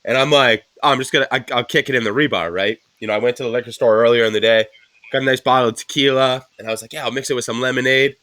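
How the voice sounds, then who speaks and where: A man's voice: medium pitch, steady tone, racing, pushed and bright, dry recording. A man co-hosting a casual podcast, telling a story with laughs and swearing. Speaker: podcast co-host. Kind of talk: casual chat.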